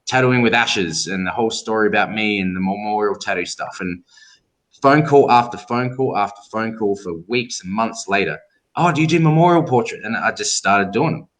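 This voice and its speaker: A man's voice: lowish voice, normal speed. A middle-aged Australian man, a tattoo artist guest, telling stories casually and acting out the voices of people he quotes. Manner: animated storyteller who acts out quoted voices. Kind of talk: casual storytelling interview.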